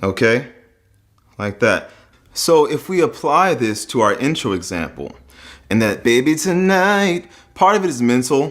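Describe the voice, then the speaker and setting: A man's voice: lowish voice, a bit bright. A man teaching a voice lesson in an earnest, instructive way. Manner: earnest instructive delivery, breaks into sung demos. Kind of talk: explanatory vocal lesson.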